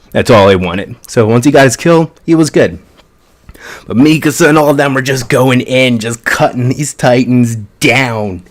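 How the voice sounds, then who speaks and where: Excited, swearing young-sounding man. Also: medium pitch. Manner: excited, profane, chatty storytelling. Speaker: anime reviewer. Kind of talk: casual episode recap.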